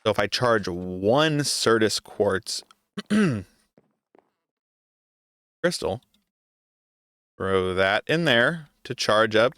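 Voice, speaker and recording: A man's voice: on the low side, animated, very slow, pauses often, a bit bright, dry recording, clean studio sound. A young adult man giving casual gameplay commentary, talking to himself in an exasperated, joking way. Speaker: gaming video creator.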